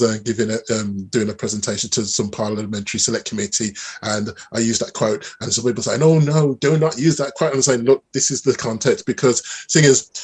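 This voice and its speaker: Man, middle-aged, husky voice, lively storyteller, interview guest. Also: medium pitch. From Birmingham, England. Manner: animated storyteller, many restarts. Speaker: mathematician guest. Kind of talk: conversational interview.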